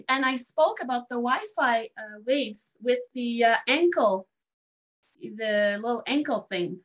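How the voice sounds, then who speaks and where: Animated woman telling a story. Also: sits high, moderate pace. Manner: animated, laughs often, restarts lines. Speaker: guest sharing a story. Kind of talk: casual storytelling. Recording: dull lo-fi sound.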